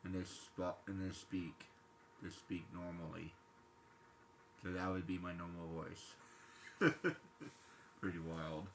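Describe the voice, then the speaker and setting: A man streaming live, chatting casually and rambling with lots of fillers as he talks fast. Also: low voice, level tone, fairly bright tone, a little hiss or hum. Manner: rambling, filler-heavy, self-reflective; quick-talking. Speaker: livestreamer. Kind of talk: casual live-stream chat while gaming.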